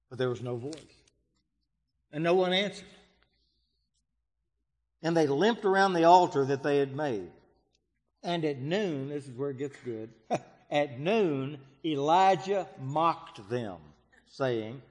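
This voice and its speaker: A man preaching a sermon, reading scripture dramatically, with sudden swells and hushes in his voice. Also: on the high side, takes it slowly, pauses often. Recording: long reverb of a large hall.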